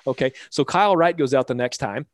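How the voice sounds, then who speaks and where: A man's voice: mid-range voice, no echo, studio quality. A man working as a mental performance coach, telling stories in an interview and acting out both sides of each conversation. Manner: lively anecdotes, quickly acting out both sides of dialogue. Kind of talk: storytelling interview answers.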